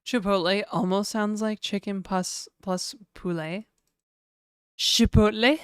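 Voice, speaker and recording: A woman's voice: medium pitch, fairly even intonation, a little slow, clean tone, dry recording, clean studio sound. A woman streaming live, chatting casually and rambling while reading out chat messages.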